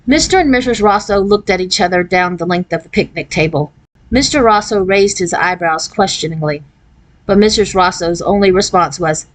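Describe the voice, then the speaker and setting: A woman narrating a children's novel aloud in a clear, steady storytelling manner. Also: on the low side, moderate pace. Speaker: reader.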